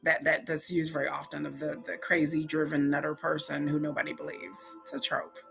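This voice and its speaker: A woman's voice: deep voice, level tone, brisk, creaky, fairly bright tone, faint music behind. A woman chatting casually on a home livestream, reacting and often acting out other people's lines. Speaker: live watch party streamer. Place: home, indoors.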